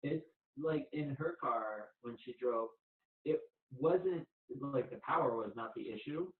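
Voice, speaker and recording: Young guy hosting, relaxed and chatty, in an echoey room with narrow phone-like audio. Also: mid-range voice, measured pace, far from the mic. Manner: easygoing, laughing storyteller. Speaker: podcast host. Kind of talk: casual chat.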